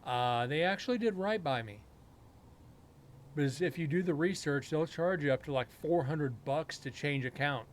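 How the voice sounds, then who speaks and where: A man's voice: fairly high pitch, moderate pace, a little hiss or hum. A man hosting a live stream, telling a long personal story in casual chat, with rambling and frequent self-corrections. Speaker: paranormal show host.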